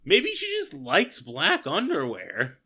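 Male co-host, bright clear tone, casual and incredulous movie-recap chatter. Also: a little high, takes it slowly. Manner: animated, incredulous, swears casually. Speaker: podcast co-host.

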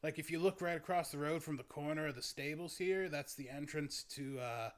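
A man's voice: a little high, natural voice. A man voicing a rambling stoner druid. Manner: rambling, halting, lots of "like" and "man". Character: laid-back stoner male druid hermit, young. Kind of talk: in-character tabletop role-play.

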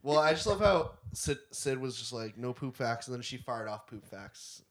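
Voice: medium pitch, animated, moderate pace. A podcast co-host in a casual chat among friends, adding giggly, amused comments into a microphone.

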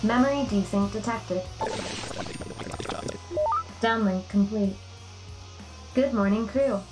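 A composed female starship AI voiced by a woman reads out status reports in an even, formal way. Her pitch sits in the middle of the range. A soft music bed plays underneath. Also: natural voice, poor audio. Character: calm female ship's computer AI. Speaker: voice actor.

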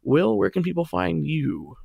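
A man's voice: on the high side, measured pace, vocal fry, a little mellow, no room sound, studio quality. A man co-hosting a casual podcast chat, sounding a bit sick, blunt and swearing freely. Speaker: podcast co-host.

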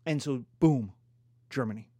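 A man's voice: mid-range voice, moderate pace, dark tone, breathy edge, dry recording, clean studio sound. A man giving a playful history lecture, acting out countries in silly voices.

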